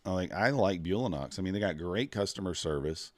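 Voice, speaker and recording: A man with a low, deep voice chats loosely with his stream audience as he trades. He rambles and mutters to himself while hunting through his software. The sound is close and dry, with no room around it. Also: lively intonation, fairly quick, no room sound. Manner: rambling, talks to chat while fiddling with software. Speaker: livestreaming futures trader. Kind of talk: casual livestream chat.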